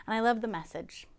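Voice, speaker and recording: A woman hosting a children's storytime, reading a picture book aloud in a playful, expressive way, making animal sounds and pointing out the pictures to young listeners. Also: a little high. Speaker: storytime host.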